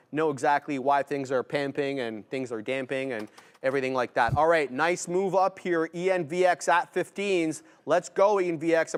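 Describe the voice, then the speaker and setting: A man co-hosting a live trading stream, talking casually and slangy as he thinks aloud about his trades. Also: a little high. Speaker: day trader co-host.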